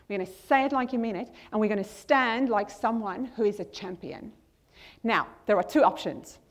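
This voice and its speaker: A woman speaks high and bright, driving an energetic motivational talk. She stresses and repeats key lines and checks that her audience is following. She also leads the group through a spoken affirmation. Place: conference hall with a screen.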